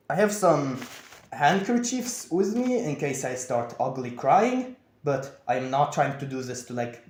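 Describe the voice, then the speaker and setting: A young man talking in a confessional vlog, with a monotone, over-enunciated delivery. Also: medium pitch. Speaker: vlogger. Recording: echoey room.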